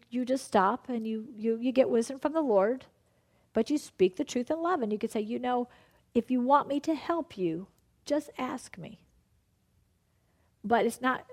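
Woman preaching a lively sermon. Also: on the high side. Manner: animated, conversational preaching with asides to God.

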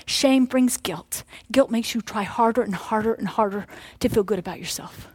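A middle-aged woman preaching a sermon, animated, dropping to hushed whispers and rising to loud exclamations as she voices the devil and God. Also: a little high, moderate pace, few pauses, dry recording.

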